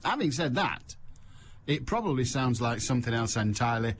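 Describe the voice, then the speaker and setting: Wry, lively-voiced male radio host. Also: medium pitch, measured pace, breathy edge. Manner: wry, rambling, joking asides. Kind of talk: call-in radio chat.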